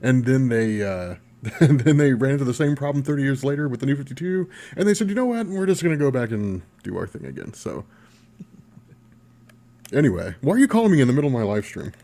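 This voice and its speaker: A young man hosting a casual live stream Q&A about comics, chatty and quick to laugh, reading viewer questions aloud. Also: mid-range voice, animated, dark tone. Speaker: comics channel host.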